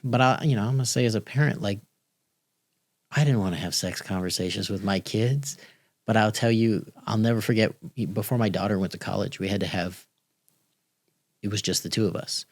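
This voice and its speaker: A man's voice: fairly low pitch, a little fast, no echo. A middle-aged man hosting a podcast, speaking in a thoughtful, earnest and encouraging way. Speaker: podcast host. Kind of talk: podcast conversation.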